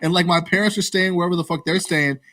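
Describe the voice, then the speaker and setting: A man co-hosting a podcast, telling a story in casual chat, animated and swearing a lot. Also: high voice, fast talker. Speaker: podcast co-host.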